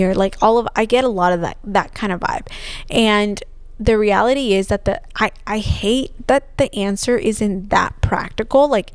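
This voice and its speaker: A woman's voice: medium pitch, fairly even intonation, normal speed, no echo. A young woman hosting a podcast, talking candidly and emotionally about her own life, full of "like" and restarts, recorded close on a podcast mic. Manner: emotional, heavy use of "like", trailing restarts. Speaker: podcast host. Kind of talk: candid personal monologue.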